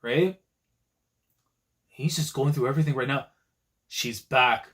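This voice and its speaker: Excitable man reacting to a manga chapter. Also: medium pitch, unhurried. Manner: excitable and slangy, with frequent exclamations. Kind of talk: live reaction commentary.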